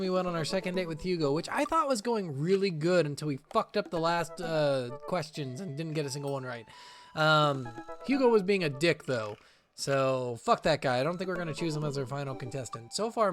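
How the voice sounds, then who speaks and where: A man doing casual let's play commentary, jokey and profane, reading a game's lines aloud. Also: on the high side. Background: game music.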